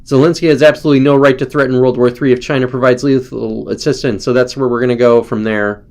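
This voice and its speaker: Speaking fast with fairly even intonation, a male host delivers casual political commentary on his own show in a mid-range, slightly mellow voice. The style is loose and ranting, full of sarcasm and frequent mocking quotes.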